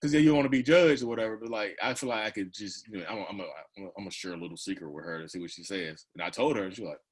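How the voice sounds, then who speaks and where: Husky rambling man in his thirties. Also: on the low side, rapid-fire. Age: 30s. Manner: rambling, full of "like" and "you know", laughs often. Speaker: guest. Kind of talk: casual conversational storytelling.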